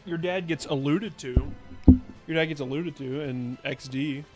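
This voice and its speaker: A man's voice: fairly high pitch, unhurried, faint music behind. A man giving casual gameplay commentary on his stream, rambling and playful, often restarting his sentences. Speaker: VTuber streamer.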